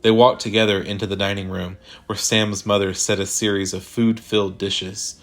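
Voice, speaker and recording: A man reading a sci-fi horror short story aloud in a measured, deliberate way. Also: fairly low pitch, flat delivery, fairly bright tone. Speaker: narrator. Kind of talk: scripted horror story narration.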